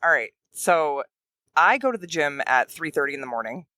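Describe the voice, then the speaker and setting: A woman's voice: low-pitched, moderate pace, no room sound. A woman guest telling a story in casual chat, acting out the quotes, while she drives a car. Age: adult. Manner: animated, acts out quotes. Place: in a moving car.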